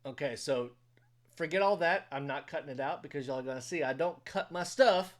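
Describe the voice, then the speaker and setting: A man talks in a fairly high voice, hosting his own reaction video. He rambles and argues his views openly and speaks straight to his viewers. He talks casually while wearing headphones. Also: brisk. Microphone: headphones on while recording.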